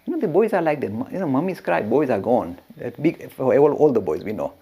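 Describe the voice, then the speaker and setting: A man who teaches religion, telling a story as a lecture with animated asides and frequent chuckles. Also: mid-range voice, a little fast, husky. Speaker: religious educator.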